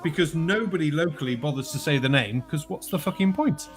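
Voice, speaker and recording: A man's voice: fairly high pitch, brisk, soft background music. A man with a Welsh accent from Wales, hosting a casual poker stream and chatting, cursing freely and laughing at bad jokes. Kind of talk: casual chat.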